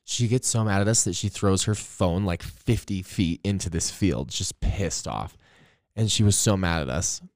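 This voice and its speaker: A young man with a smooth, clear, fairly low voice tells a story at length on a podcast. He rambles along with plenty of "like"s and the occasional curse. The sound is close and dry. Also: normal speed, no echo. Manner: rambling, animated storyteller with many "like"s and profanity. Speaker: podcast host. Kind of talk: casual storytelling chat.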